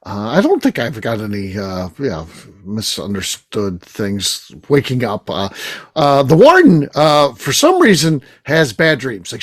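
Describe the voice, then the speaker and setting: A man's voice: mid-range voice, no room sound, clean studio sound. A man co-hosting a podcast, chatting casually with upbeat delivery and frequent fillers. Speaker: podcast co-host. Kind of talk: casual roundtable chat.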